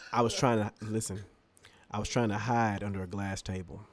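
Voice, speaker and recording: This podcast co-host has a lowish voice and speaks fairly quickly. In a relaxed chat, he tells a long, humorous story with lots of animation, laughing frequently and performing the quotes of the people involved.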